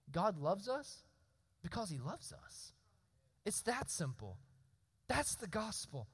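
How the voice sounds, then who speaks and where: A man preaches in a high, bright voice, with a long hall reverb around him. He talks in a conversational way, repeating his phrases for emphasis and asking the congregation questions as he goes. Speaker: pastor. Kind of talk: sermon. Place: church sanctuary.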